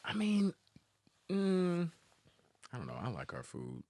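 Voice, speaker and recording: A man's voice: high-pitched, slow, no room sound. A man from South Los Angeles, a guest actor telling stories in casual chat and acting out what people said, with frequent laughter. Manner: animated storyteller who acts out quotes and laughs often.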